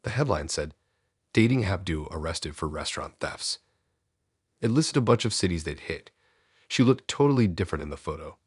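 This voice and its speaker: A man narrating a first-person horror story in a calm, measured, scripted way. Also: low voice, breathy edge, no room sound, studio quality.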